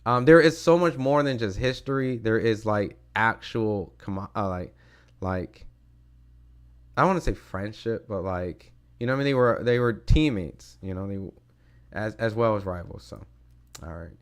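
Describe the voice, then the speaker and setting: A man's voice: lowish voice, normal speed, clean tone. A man hosting a boxing talk livestream, chatting loosely with many fillers and reading viewer comments aloud. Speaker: boxing show host reading live chat. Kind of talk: casual livestream chat.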